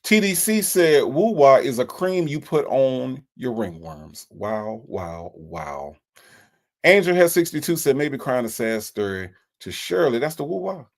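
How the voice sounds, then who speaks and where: Animated gravelly man hosting a live stream. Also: mid-range voice, measured pace. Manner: animated, incredulous, repeats himself, stammers. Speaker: live stream host reacting to a phone call. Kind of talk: casual live commentary reading chat.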